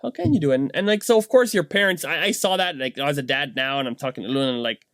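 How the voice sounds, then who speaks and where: A man, a dad, telling a casual motivational story in a rambling, animated way, tagging his points with "right?". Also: medium pitch, fast, no room sound. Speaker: vlogger and dad.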